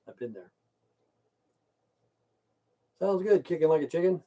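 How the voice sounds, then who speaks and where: An older man from the United States rambling and cursing as he chats with his livestream viewers, swinging between loud bursts and mumbles. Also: a little high, lively intonation, measured pace, long pauses. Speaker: livestream host chatting with viewers. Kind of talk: rambling casual livestream rant.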